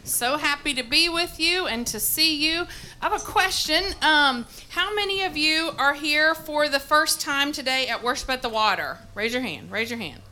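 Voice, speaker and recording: A woman's voice: sits high, moderate pace. A woman pastor preaching to a congregation, telling a candid story about herself with frequent ums. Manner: lively, self-deprecating storytelling with many ums. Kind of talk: sermon. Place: church service. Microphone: handheld or stage mic with feedback when moving.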